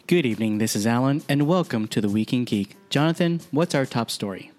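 A man's voice: medium pitch, expressive, fairly quick, darkish tone, faint music behind. A man co-hosting a podcast, opening in a mock news-anchor style and then reacting with short comments. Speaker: podcast co-host. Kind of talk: casual podcast chat.

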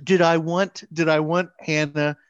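A man co-hosting a podcast in casual chat, animated, laughing often, repeating words and acting out quotes. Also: a little high, a little slow, clean tone, no room sound, dull audio. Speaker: podcast co-host.

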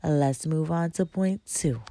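Animated low-voiced woman giving life advice. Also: slow pace. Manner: animated and emphatic, repeats words for effect. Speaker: motivational vlogger. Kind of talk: casual motivational talk.

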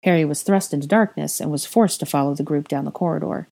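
Woman narrator, low and dark-toned, calm storybook reading. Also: fast, creaky. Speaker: reader of fan fiction. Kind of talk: audiobook-style story reading.

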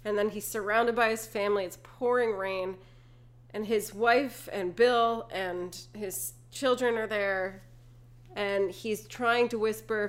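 In an unhurried, mid-range voice with fairly even intonation, a female podcast co-host walks through a movie scene by scene. The movie recap chat is casual; she laughs a lot and performs the quoted lines.

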